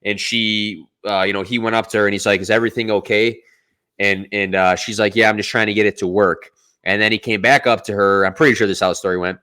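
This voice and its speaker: Low-voiced man telling a rambling story. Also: steady tone, fast talker, bright, forceful tone, smooth. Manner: rambling storyteller who acts out dialogue. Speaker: podcast host. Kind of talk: casual podcast chat.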